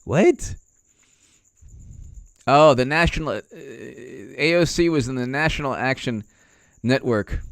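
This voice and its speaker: A man's voice: medium pitch, expressive, unhurried, creaky, long pauses, no echo, studio quality. A man hosting a political commentary vlog, ranting sarcastically and repeating himself in disbelief. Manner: sarcastic, repetitive, incredulous. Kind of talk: casual political rant.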